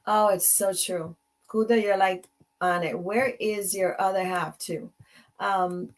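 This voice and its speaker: A woman's voice: lowish voice, steady tone, measured pace. A woman hosting a casual motivational talk, slipping into Spanish phrases and acting out little dialogues. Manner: conversational, mixes in Spanish phrases, acts out dialogue. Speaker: host; advocate.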